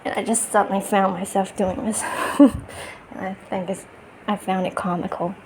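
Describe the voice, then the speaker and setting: A woman's voice: medium pitch, flat delivery, normal speed, darkish tone, a little hiss or hum. A woman with a non-native English accent, sitting on her bed and talking to her phone in a reflective self-help monologue, often restarting and laughing at herself. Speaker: spiritual vlogger.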